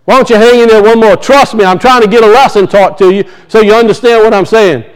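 Man, middle-aged, pastor preaching, high voice, rhetorical questions. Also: fast, smooth, rough recording. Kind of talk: sermon.

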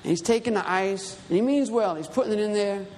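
A man's voice: sits high, a little fast, a little mellow. Male preacher, conversational storyteller rising to emphatic peaks; reverberant hall, faint room noise. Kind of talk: sermon.

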